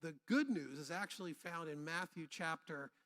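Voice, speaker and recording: A man pastor delivers a sermon in a high, bright voice, conversational and laced with humor. He pulls the congregation into call-and-response. His words ring out with the long reverb of a church hall. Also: normal speed. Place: church sanctuary.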